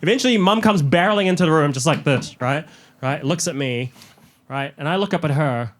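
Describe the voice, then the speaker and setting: A young man performing a stand-up comedy set in a large theatre, telling stories in an animated way and acting out the people in them. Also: fairly quick. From New Zealand. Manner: animated storytelling, acts out characters with rising pitch. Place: large theatre with live audience.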